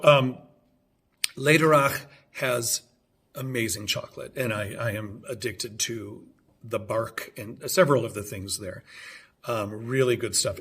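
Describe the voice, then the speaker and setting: A man's voice: mid-range voice, a bit bright, husky. Rambling man in his fifties. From United States. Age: 50s. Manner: rambling, hesitant, many fillers and restarts. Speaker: vlogger. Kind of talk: casual storytelling vlog.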